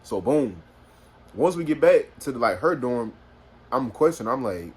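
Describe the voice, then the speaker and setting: A man's voice: on the high side, normal speed. Rambling man telling a story. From Houston, Texas. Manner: rambling, filler-heavy, animated retelling. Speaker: vlogger. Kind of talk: casual storytime. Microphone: phone.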